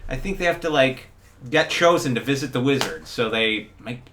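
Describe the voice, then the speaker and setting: Man, casual retelling, halting, unsure, plain voice. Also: mid-range voice, expressive, fairly bright tone.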